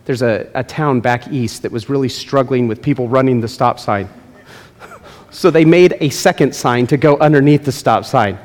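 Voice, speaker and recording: A man's voice: medium pitch, normal speed, a little mellow. A male pastor preaching a sermon in a church, with emphatic delivery and playful asides. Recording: long hall reverb.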